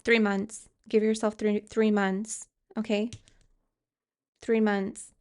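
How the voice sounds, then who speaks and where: A woman's voice: medium pitch, little pitch movement, takes it slowly, darkish tone. A woman giving a tarot card reading, speaking hesitantly with fillers and restarts and reassuring viewers directly. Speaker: tarot reader.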